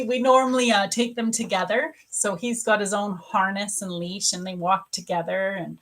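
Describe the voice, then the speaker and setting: A woman psychic medium giving a live reading at home, gently sympathetic, halting with pauses and fillers. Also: mid-range voice. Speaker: spiritual coach and psychic medium. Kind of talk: live psychic reading answering viewers' questions.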